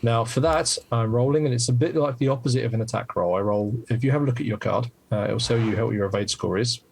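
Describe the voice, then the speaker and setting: A man's voice: mid-range voice, fast, creaky, a little mellow, breathy edge. A man, a game designer, patiently explaining the rules while demoing his board game, with many fillers.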